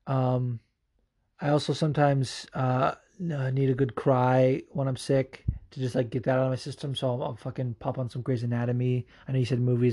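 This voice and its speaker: A man's voice: medium pitch, dark tone. A man hosting a podcast, answering listener questions in a rambling, profane, casual way with lots of fillers. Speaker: podcast host.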